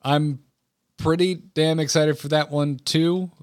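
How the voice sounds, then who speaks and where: A man's voice: a little high, steady tone, slow, no room sound, studio quality. A man co-hosting a podcast, chatting casually and eagerly about films, rambling with many restarts. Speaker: podcast co-host. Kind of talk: casual movie chat.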